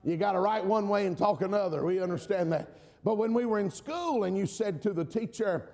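A middle-aged man from the US South with a Southern drawl, preaching a sermon, emphatic, often calling out amen and swinging between shouts and quiet asides. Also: high voice, fairly quick, in a large hall. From Georgia, US South.

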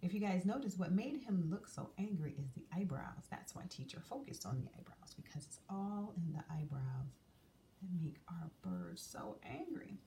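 A woman's voice: on the low side, big pitch swings, normal speed, dark tone. A woman teaching young children a drawing lesson, coaxing and sing-song as she draws and asks them questions. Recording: distant mic, faint room noise.

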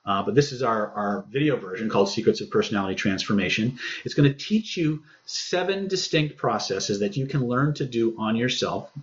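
A man presenting a self-help seminar and pitching courses in a salesy way, with many fillers and restarts. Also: lively intonation, brisk, hardly any pauses, highs cut off, a little hiss or hum.

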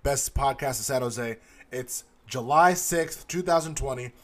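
A man hosting a podcast from a studio booth, delivering a profane, animated comedic rant and mimicking the people he describes. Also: mid-range voice, unhurried. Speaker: podcast host.

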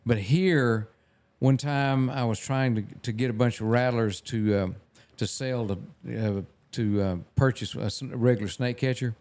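An older man, a guest telling folksy stories in a halting, restarting way. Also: mid-range voice, steady tone, darkish tone. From Texas. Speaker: guest photographer. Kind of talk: casual storytelling.

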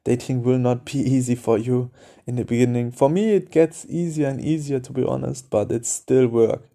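A man hosts a casual advice podcast, speaking in a direct, coaching way and circling back over the same points. His voice sits in a middle pitch with a very dark, mellow timbre. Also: steady tone, fairly quick, vocal fry. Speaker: podcast host.

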